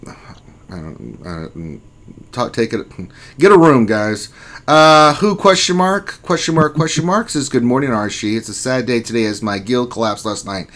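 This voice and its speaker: A man with a mid-range voice runs a relaxed lunchtime livestream. He greets viewers one by one and reads their chat messages aloud. He keeps it jokey and laid-back, with the odd casual curse thrown in. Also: medium pitch, normal speed. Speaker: livestream host.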